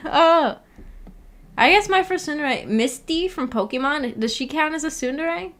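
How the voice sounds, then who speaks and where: A woman's voice: high voice, normal speed, fairly bright tone. A woman streamer in casual livestream chat, rambling, giggling and correcting herself as she goes.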